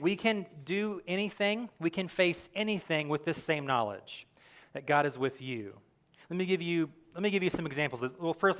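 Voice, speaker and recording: A young adult male pastor giving a sermon, telling the story with lively, acted-out quotes and earnest direct address. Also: high voice. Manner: animated storytelling, acting out quoted lines.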